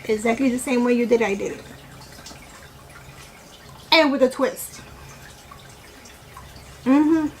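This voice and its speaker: A woman's voice: on the high side, takes it slowly, pauses often, a little mellow, slight background noise, low-quality recording. A woman vlogger chatting casually about her opinions while eating, rambling and correcting herself as she goes. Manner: rambling, with many "you know" fillers and self-corrections.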